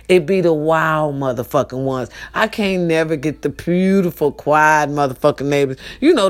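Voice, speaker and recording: A woman hosting a casual talk show, telling a story to her listeners in a lively, profane, chatty way. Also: lowish voice. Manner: animated, profane, addresses listeners directly.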